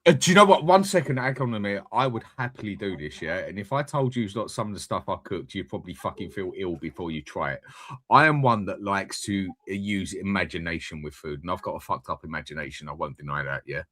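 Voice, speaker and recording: Casting note: very low male voice, loose rambling host patter with plenty of swearing. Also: expressive, quick pace, fairly bright tone. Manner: rambling, swears freely, jokey. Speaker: channel host. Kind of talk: casual chat on a live stream.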